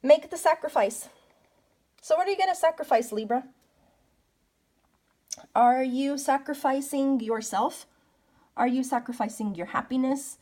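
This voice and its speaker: A woman's voice: fairly high pitch, a little mellow. A woman giving a casual card reading, talking straight to the listener in a chatty, coaching way full of rhetorical questions. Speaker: tarot card reader.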